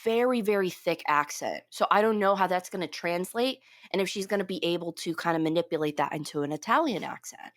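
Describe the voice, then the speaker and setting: A woman co-hosting a film podcast, chatting casually with quick asides. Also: lowish voice, no room sound, clean studio sound. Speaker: podcast co-host.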